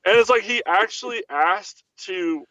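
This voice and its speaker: Animated man telling movie scenes. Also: high voice, a little slow, no room sound, poor audio. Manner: animated storytelling, acts out quotes, swears freely. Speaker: podcast co-host. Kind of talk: casual chat.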